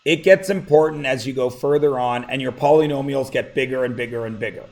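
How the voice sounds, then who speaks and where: A man teaching a high school math class in a classroom, relaxed and jokey, often checking that his students are following. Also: fairly quick. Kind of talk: classroom lecture. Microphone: plugged-in classroom mic.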